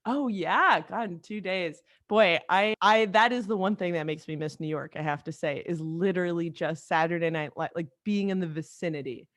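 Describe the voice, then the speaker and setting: A woman guest, a comedy writer, chatting casually in an interview, animated and full of quick restarts and asides. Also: fairly low pitch, no echo, clean studio sound.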